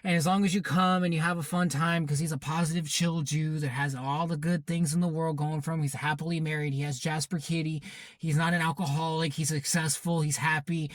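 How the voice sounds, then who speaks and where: Male host, sarcastic profane rant, slightly high voice, dry close sound. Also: little pitch movement, a little fast, no room sound. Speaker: commentary channel host. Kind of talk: ranting reaction commentary.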